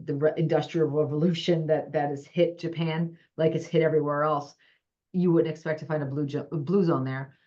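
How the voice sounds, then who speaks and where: A woman's voice: deep voice, darkish tone. A woman co-hosting a casual podcast conversation, explaining at length with many fillers. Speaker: podcast co-host. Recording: slightly dull, lo-fi mic.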